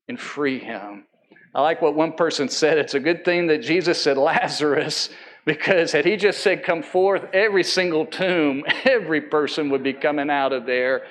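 Addressing the congregation at a church service, the pastor gives an earnest Sunday sermon. He lingers slowly over important phrases and lifts his pitch as he pushes his points.

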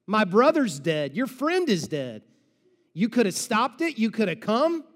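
A man's voice: high voice, huge pitch swings, measured pace, long reverb tail, heavily acted. A man voicing a feisty, frustrated grieving woman who fires indignant, pleading questions. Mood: upset.

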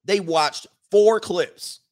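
A man's voice: sits high, drawn-out words, a little mellow. A man hosting a casual livestream, talking emphatically with many fillers and restarts and reading chat comments aloud.

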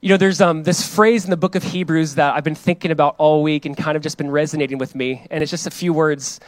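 Pastor, thirties, man. Casual, energetic sermon delivery, fairly high pitch, dry sound. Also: quick pace, dry recording. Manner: casual, energetic, repeats and restarts phrases. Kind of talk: sermon with prayer. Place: church hall.

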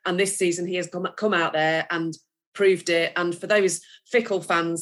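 A woman talks football on a podcast, keen and meandering, with plenty of pauses to find her words. Her voice sits a little low for a woman. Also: steady tone. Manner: enthusiastic, rambling with fillers. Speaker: podcast co-host. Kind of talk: casual football podcast chat.

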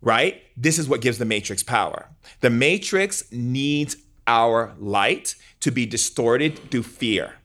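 An earnest man speaks in an interview with a mid-range voice. He is animated, peppers his talk with "like", and slips into acted-out dialogue as he explains. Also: mid-range voice, slow pace. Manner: animated, earnest, uses "like" a lot, acts out dialogue. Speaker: guest speaking on spirituality. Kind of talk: interview conversation.

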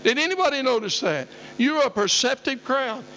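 An older man preaches a sermon in a high-pitched voice, swinging from folksy storytelling to emphatic calls. The recording is dull, with a long reverb trailing in a big hall and a faint hum underneath. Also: expressive, moderate pace, sharp tone. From southeastern Oklahoma. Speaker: pastor. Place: church hall.

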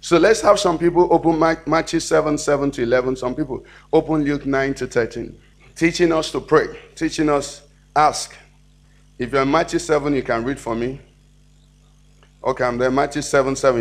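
A man's voice: medium pitch, moderate pace. A man, preaching a sermon as pastor, asking the congregation questions and acting out dialogue.

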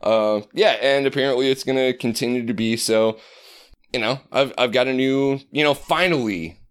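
A man's voice: medium pitch, normal speed, clear, resonant tone. Give me a chatty, profane man in his thirties co-hosting a podcast. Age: 30s. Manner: profane, rambling, drops into put-on announcer voice. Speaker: podcast co-host. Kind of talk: casual chat.

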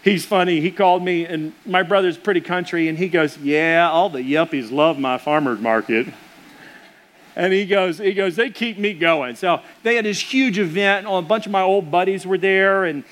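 A man's voice: high voice, moderate pace, hardly any pauses, a bit bright. A middle-aged man preaching a sermon as pastor, telling stories in a casual way with many fillers.

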